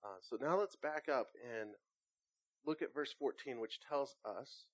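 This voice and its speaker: A man, a pastor with young children, preaching a conversational sermon and telling lively family stories. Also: medium pitch, measured pace. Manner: conversational preaching with animated anecdotes.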